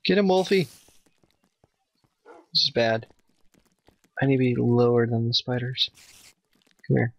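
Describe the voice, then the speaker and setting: Excitable gravelly gamer man, dry mic. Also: mid-range voice, unhurried, pauses often, dry recording. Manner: excitable, nervous, talks to his dog. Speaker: gamer playing a Minecraft map. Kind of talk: let's play commentary. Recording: dull, dry home mic.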